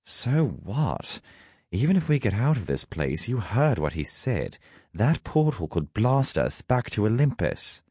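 A man's voice: fairly low pitch, big pitch swings, measured pace, a little mellow, husky, dry recording, clean studio sound, voice pushed up, heavily acted. A man voicing a sarcastic, cowardly young male trickster god with a wisecracking manner. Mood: skeptical. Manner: wisecracking, snarky.

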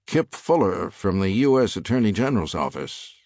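A man's voice: sits low, sing-song, moderate pace, creaky, a little mellow, no echo, studio quality, full character voice. A man voicing a curious, direct male government lawyer who asks short questions.

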